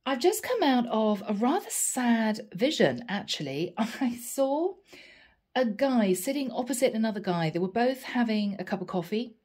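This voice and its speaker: A woman's voice: fairly high pitch, big pitch swings, moderate pace, a little mellow, husky. A woman giving a chatty channeled tarot reading, thinking aloud and tentative. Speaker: psychic tarot reader.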